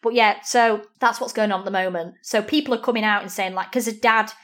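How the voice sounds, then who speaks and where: A woman's voice: medium pitch, fast talker. A woman, chatting casually and telling stories with lots of "like" and swearing. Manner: animated storytelling, lots of "like", swears. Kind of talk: casual chat.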